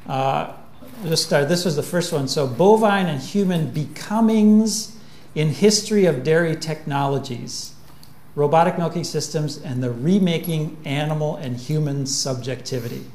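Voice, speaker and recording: A man giving a public lecture in a relaxed, humorous way, with plenty of fillers. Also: on the high side, moderate pace. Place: lecture hall. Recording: echoey lecture room.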